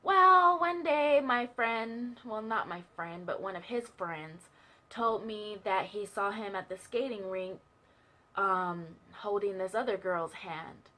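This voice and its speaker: A woman's voice: mid-range voice, slow, bright, forceful tone. Young woman, chatty, casual storytelling, fillers, asides, personal testimony. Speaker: vlogger sharing a testimony.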